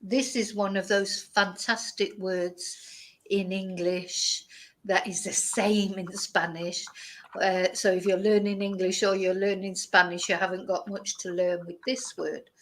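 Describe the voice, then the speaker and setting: A woman teaching vocabulary in a bilingual lesson, slowly repeating words to drill their pronunciation. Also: medium pitch, flat delivery, a bit bright, rough recording. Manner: slow, careful pronunciation drills. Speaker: language teacher.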